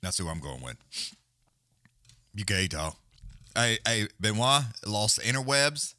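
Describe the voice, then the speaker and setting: A man's voice: lowish voice, measured pace, no echo. A man hosting a live stream, rambling casually with lots of swearing. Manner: rambling, profane, animated. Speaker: livestream host.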